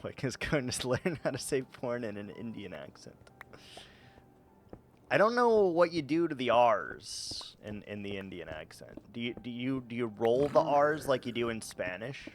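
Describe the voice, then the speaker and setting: A man's voice: mid-range voice, big pitch swings, moderate pace, a little hiss or hum. A man streaming a game, chatting casually with viewers in a joking, rambling way and laughing often. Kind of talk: casual gaming stream chat.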